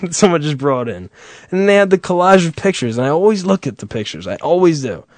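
A man's voice: fairly high pitch, sing-song, fairly quick, darkish tone, no room sound. A man hosting a show, telling a rambling, profane story with frequent chuckles. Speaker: show host. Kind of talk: casual rambling monologue.

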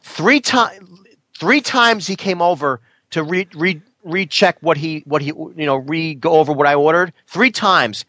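Bright-voiced, stammering ranting man. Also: fairly high pitch, normal speed, no room sound. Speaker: radio co-host. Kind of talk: comedy radio storytelling.

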